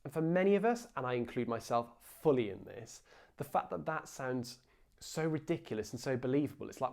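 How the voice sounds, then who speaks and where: A man's voice: medium pitch, lively intonation, a little fast, creaky, darkish tone. A young man preaching an informal, earnest sermon, with fillers and asides. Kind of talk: conversational sermon.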